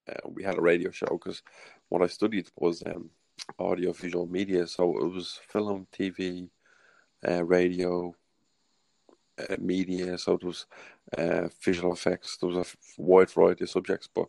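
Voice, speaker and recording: Low, gravelly Irish man talking softly. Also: no room sound, rough recording. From Ireland. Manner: soft-spoken, hesitant, rambling with fillers. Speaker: podcast guest. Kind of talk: casual interview chat. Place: home at night.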